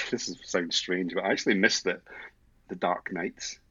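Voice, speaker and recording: A man's voice: deep voice, moderate pace, pushed and bright, breathy edge, no echo, dull audio. A Scottish man chatting enthusiastically as a podcast guest, often restarting and repeating words. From Scotland. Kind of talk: casual interview chat.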